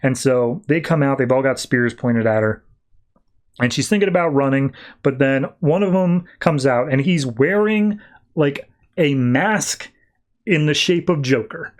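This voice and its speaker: A man casually recapping a comic book on a podcast, slipping into quick, higher put-on voices for the characters. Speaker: podcast host.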